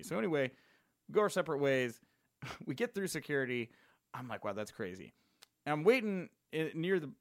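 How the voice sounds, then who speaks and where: A man hosting a podcast, telling a story in a casual, excitable way and laughing often. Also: fairly high pitch, no room sound, studio quality. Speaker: podcast host.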